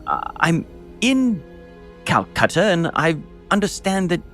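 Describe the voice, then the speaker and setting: A man playing a posh, obsequious archaeologist who stammers and flatters. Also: fairly high pitch, measured pace, soft background music, heavily acted. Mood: ingratiating. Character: fussy, toadying archaeologist, man.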